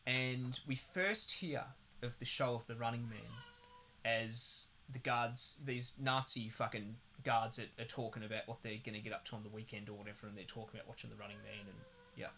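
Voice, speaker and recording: A man co-hosting a podcast reviews a film in casual, sarcastic chat, rambling and cursing often. His medium-pitched voice is bright and forceful, with fairly even intonation and a slightly fast pace, and there's a little hiss or hum.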